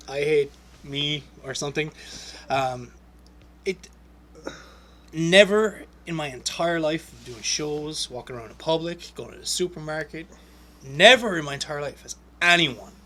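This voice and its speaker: A man's voice: on the high side, moderate pace, long pauses. A man hosting a podcast, telling stories in casual chat, swearing often and breaking into laughs. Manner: swearing, animated storyteller with laughs. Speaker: podcast host.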